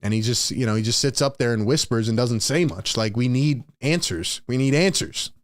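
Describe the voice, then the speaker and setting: A man's voice: mid-range voice, animated, normal speed, dry recording. A man hosting a live postgame fan show, ranting in frustration and reading out viewers' chat comments. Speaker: sports podcast host.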